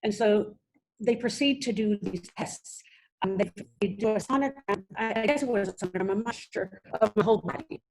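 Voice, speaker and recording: A young adult woman, a podcast guest, telling her own story in a halting way with many restarts. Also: medium pitch, a little mellow, slight background noise. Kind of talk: personal storytelling interview.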